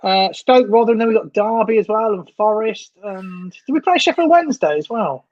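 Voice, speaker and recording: A man's voice: sits high, animated, brisk, no echo, lo-fi sound. A man co-hosting a football fan live stream, chatting casually and joking around, throwing in slang. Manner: chatty, jokey, drops in slang.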